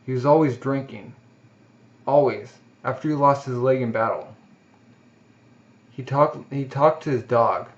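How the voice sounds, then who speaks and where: A man reading aloud the lines of a haunted young male mercenary swordsman in a flat, unacted voice, in a muffled lo-fi recording. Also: medium pitch, a little slow, long pauses, natural voice. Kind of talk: casual read-aloud of a comic.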